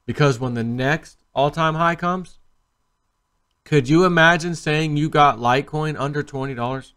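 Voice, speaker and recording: Rambling, animated man vlogging. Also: on the high side, moderate pace, clean tone. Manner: rambling, animated storytelling with acted-out quotes. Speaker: crypto video host. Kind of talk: casual to-camera vlog talk.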